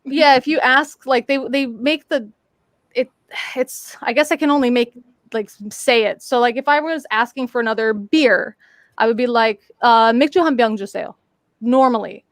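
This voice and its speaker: A woman's voice: on the high side, normal speed, no echo, studio quality. A woman in casual chat on a live stream, telling a story with lots of fillers and playful voice mimicry. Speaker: guest on a live talk stream.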